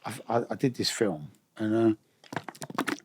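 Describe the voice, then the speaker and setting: A man's voice: on the low side, slow pace, husky. A man, a guest in a casual interview, telling stories in a chatty way, swearing freely and acting out the voices of people he quotes.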